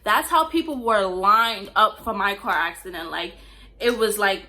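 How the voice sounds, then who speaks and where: A woman's voice: mid-range voice, measured pace, sharp tone. A young woman from Queens, telling a rambling, profane storytime in casual slang. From Queens, New York. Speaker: storyteller vlogger.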